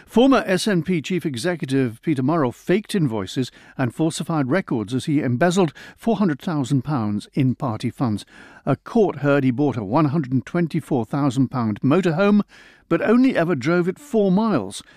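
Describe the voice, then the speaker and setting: A man's voice: on the high side, lively intonation, moderate pace, a little mellow, no room sound. A man reading radio news in a close studio mic, adding chatty asides between items. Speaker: newsreader.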